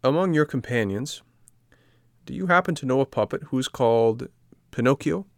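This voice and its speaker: A man voicing a large, kindly male pigeon in a storybook reading, talking in a calm, earnest, explaining way. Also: medium pitch, normal speed, no room sound, studio quality, pitched above the performer's own voice, natural voice. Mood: curious.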